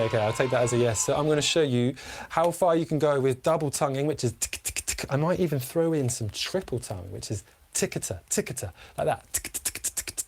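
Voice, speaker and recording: A man in his thirties hosting an upbeat online beatbox lesson for kids, energetic and enthusiastic, often singing his lines. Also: medium pitch. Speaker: beatbox teacher and host.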